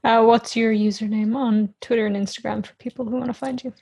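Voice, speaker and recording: A young woman in her twenties, co-hosting a podcast in relaxed, casual talk and laughing easily. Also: a little high, brisk, creaky, husky. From Ireland. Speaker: podcast co-host. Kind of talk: casual chat.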